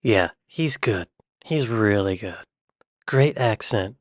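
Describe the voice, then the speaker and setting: A man's voice: lowish voice, animated, slow pace, no room sound, studio quality. A man from the Southeastern United States, chatting casually as he reacts to a video and repeating himself in an easygoing way. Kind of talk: casual commentary.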